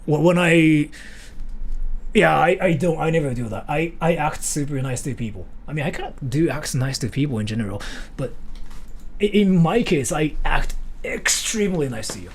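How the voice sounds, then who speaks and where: Lively gravelly-voiced young man. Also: fairly high pitch, moderate pace. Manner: rambling, animated, many "like" fillers. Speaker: livestream host. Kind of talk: casual storytelling chat.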